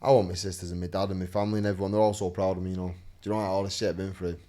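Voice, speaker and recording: Speaking rapid-fire in a low voice, a bare-knuckle fighter chats in a casual interview. His stories are animated and full of acted-out quotes, and he swears freely throughout.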